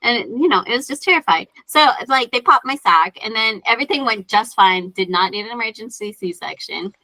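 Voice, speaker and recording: Bright, animated woman telling stories. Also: on the high side, fairly quick, no room sound, low-quality recording. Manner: animated and profane, storytelling with acted-out quotes. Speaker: podcast guest. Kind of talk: casual podcast chat.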